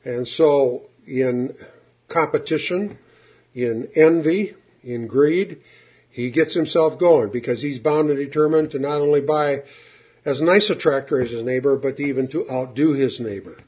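A man's voice: mid-range voice, a little mellow. Earnest man preaching a sermon. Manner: earnest, emphatic, slows down to stress words.

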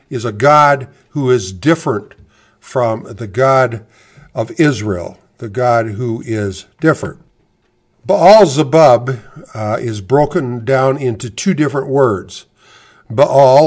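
A male pastor delivers a sermon at a slow, measured pace. He reads scripture aloud and explains it verse by verse. He draws out key words for emphasis. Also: medium pitch. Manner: deliberate Bible exposition, slowing to stress key words.

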